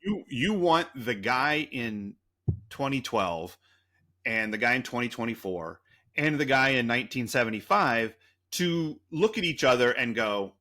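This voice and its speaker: A man's voice: mid-range voice, animated, measured pace, sharp tone. A man co-hosting a podcast, rambling through a story in a loose, profane, casual way. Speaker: podcast co-host.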